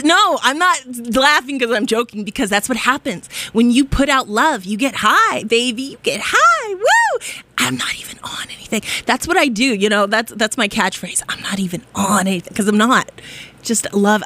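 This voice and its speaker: A woman's voice: fairly high pitch, sharp tone. A woman hosting a college radio show, giddy and exuberant, laughing often and whooping in a studio. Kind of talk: bubbly radio chat.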